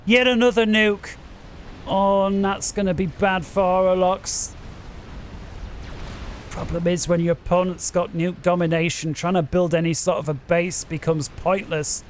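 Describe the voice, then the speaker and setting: A man commentates a strategy game match with rising excitement, urging the players on and bouncing in his chair at a desk microphone. His voice sits high and unhurried, with slight background noise.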